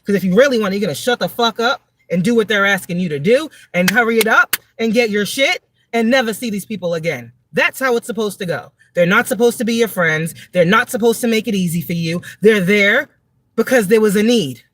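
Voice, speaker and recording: A woman's voice: mid-range voice, a little fast, a bit bright, a little hiss or hum. A woman giving a tarot reading in a livestream monologue, blunt, profane and preachy, repeating words for emphasis. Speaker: tarot reader and spiritual advisor.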